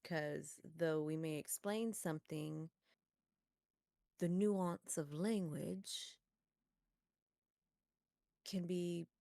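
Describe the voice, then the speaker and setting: A woman's voice: sits low, drawn-out words, gravelly, long pauses, dark tone, no echo, clean studio sound. A woman playing in a tabletop game, rambling and talking about her character in the third person. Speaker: player. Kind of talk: casual tabletop role-play.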